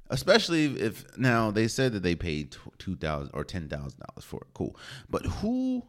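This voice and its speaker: A young man hosting a solo sports podcast, talking in a casual, slangy, opinionated way. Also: medium pitch. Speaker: podcast host.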